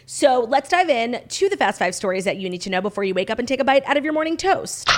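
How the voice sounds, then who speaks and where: Fast-talking woman podcast host. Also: on the high side, big pitch swings. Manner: chatty, fast-talking, reads ads. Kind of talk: casual chat.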